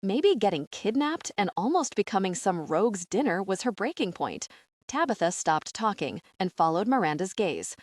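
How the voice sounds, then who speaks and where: A woman narrating an audiobook in a gentle storytelling manner. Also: mid-range voice, very animated, normal speed, no room sound, clean studio sound.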